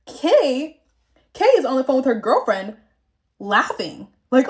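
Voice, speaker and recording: A young woman with a slightly high voice tells a story while getting ready, chatty and animated. She speaks frankly and swears freely, in the easy manner of a casual vlog. She grew up in the American South. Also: normal speed. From Southern United States. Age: young adult. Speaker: vlogger.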